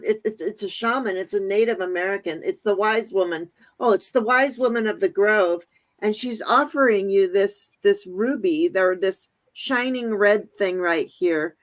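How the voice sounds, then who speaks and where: A woman gives a card reading for her viewers. She talks it through as she goes, meandering and pausing to grope for words before she settles on them. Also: mid-range voice, low-quality recording. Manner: meandering, thinks aloud, searches for words. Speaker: tarot and oracle card reader.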